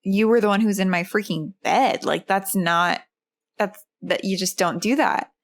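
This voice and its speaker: A woman's voice: medium pitch, a little slow, close to an everyday voice. A woman voicing a stressed young male tribal chief in a game, indignant and exasperated.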